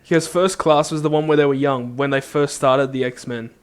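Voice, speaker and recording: A young man, a co-host, telling an animated story in casual chat. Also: mid-range voice, smooth. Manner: animated storyteller, does quick voices in quotes. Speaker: podcast co-host.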